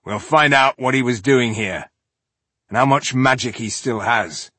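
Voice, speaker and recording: A man's voice: medium pitch, a little slow, bright, forceful tone, no echo, voice pushed up. A man voicing a stern male dwarf leader who gives curt orders. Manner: curt, commanding.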